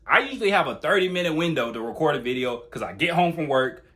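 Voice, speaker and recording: A young man talking fast and bluntly, with plenty of swearing, in a casual monologue giving dating advice on his channel. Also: fairly high pitch, animated, pushed and bright. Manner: blunt, profane, talks fast.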